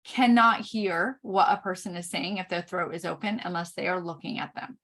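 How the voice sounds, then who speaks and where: A middle-aged woman giving a chart reading, explaining each point slowly with frequent pauses. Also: on the low side, fairly bright tone. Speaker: Human Design reader.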